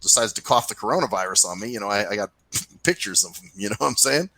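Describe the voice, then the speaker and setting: Animated swearing male ranter. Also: fairly low pitch, fast talker, creaky, no room sound, poor audio. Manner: ranting storyteller, animated, swears freely; mimics people in put-on voices. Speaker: podcast co-host. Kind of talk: casual profane chat.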